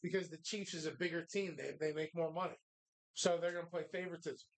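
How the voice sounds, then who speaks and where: A man's voice: fairly high pitch, steady tone, quick pace. Crude, emphatic man hosting from a bar. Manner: crude, emphatic, swears a lot. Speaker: host. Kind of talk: casual bar podcast banter.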